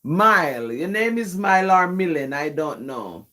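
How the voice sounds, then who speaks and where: Jamaican woman poet hosting a live stream, unhurried delivery, explains things patiently and keeps checking in with viewers. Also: lowish voice, big pitch swings, fairly bright tone. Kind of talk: live stream, reading poetry and chatting with viewers.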